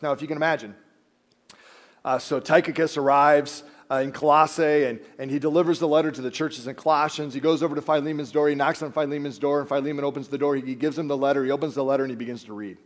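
A man preaching a sermon, animated, acting out biblical characters and dropping to quiet emphasis. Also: fairly high pitch, fast. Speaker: pastor.

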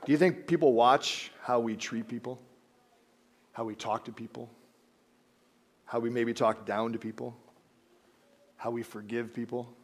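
A man preaching a sermon, animated, acting out biblical characters and dropping to quiet emphasis. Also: medium pitch, a little slow, long pauses. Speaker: pastor.

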